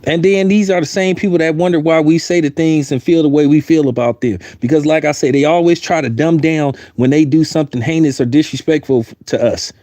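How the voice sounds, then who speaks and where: A man's voice: fairly high pitch, a little fast, few pauses, dark tone, no echo. Heated blunt male commentator. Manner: heated, blunt, repeats himself for emphasis. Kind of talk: opinionated commentary.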